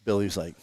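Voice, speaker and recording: Older man spinning hunting-camp stories. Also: mellow. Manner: chuckling, acts out voices in anecdotes. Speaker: podcast host. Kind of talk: casual storytelling chat.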